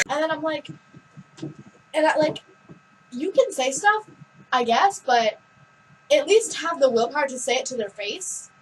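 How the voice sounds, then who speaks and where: Teen girl, high voice, giggly, animated, a bit far from the mic. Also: slight background noise. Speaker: vlog co-host. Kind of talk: casual chat.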